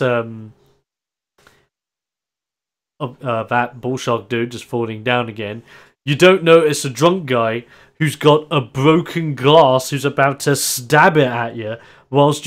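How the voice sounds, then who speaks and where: Guy gm'ing a tabletop game, lively, keeps laughing, mid-pitched voice. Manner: animated narration, laughs often. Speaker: game master. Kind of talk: narrating a tabletop wrestling game.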